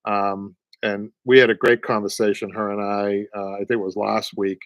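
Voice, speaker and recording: A man in his sixties from the Boston area, with a Boston accent, hosts a casual upholstery livestream, chatting and rambling, repeating words and laughing often. His voice is lowish and level at a normal pace, and the recording is muffled with no room sound.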